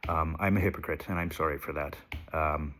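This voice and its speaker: A man's voice: extremely low pitch, fairly even intonation, a little fast, a bit bright. A man vlogging into a handheld phone while sick and shaky, with stuffed-up sinuses, rambling, swearing and putting himself down. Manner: rambling, sweary, self-deprecating. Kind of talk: casual confessional vlog.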